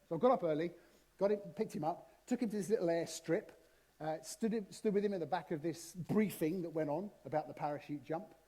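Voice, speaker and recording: A man, preaching a sermon in a church, telling stories with lively swings between loud and soft. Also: fairly high pitch, brisk. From southern England. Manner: animated storytelling, shifting loud and soft. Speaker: guest preacher.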